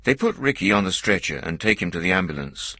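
Deep lively male narrator, bright, husky, dry close recording. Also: fast, no echo. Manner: lively, plain reading for learners. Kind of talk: scripted storybook narration.

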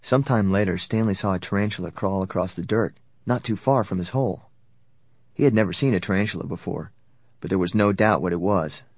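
A man narrating an audiobook in a steady, even storytelling manner. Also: sits low, fairly quick, no room sound, clean studio sound. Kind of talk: scripted narration.

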